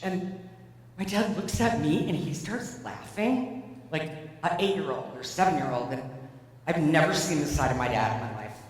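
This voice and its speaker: A woman giving a keynote speech, telling a personal story in an animated, conversational way. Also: deep voice, moderate pace. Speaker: keynote speaker. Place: large event hall. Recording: echoey hall from far off.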